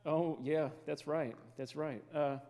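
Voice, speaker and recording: A man's voice: on the high side, steady tone, slow, a little mellow. A man, preaching a humorous sermon and chatting with his congregation as he tells stories. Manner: storytelling, playful, chatty with the audience. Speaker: guest preacher. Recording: reverberant church hall.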